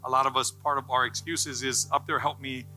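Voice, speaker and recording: Bright-voiced jokey male pastor preaching. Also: medium pitch, little pitch movement, fairly quick, soft background music, poor audio. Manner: jokey, builds to loud passionate preaching. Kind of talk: sermon.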